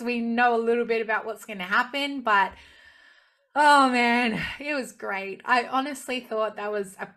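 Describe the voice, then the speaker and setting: A young woman with a slightly high voice talks through a show's finale in a casual vlog. She gushes like an excited fan, chatty and warm-hearted about what she watched. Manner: gushing, enthusiastic fan. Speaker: TV review vlogger. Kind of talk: casual TV review monologue.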